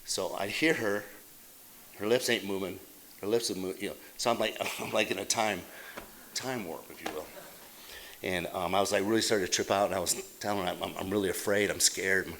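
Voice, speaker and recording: A middle-aged man from Utah telling his recovery story at a meeting, halting and plain-spoken, with many fillers and restarts. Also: deep voice, steady tone, fairly bright tone, a little hiss or hum. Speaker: AA meeting speaker. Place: meeting hall.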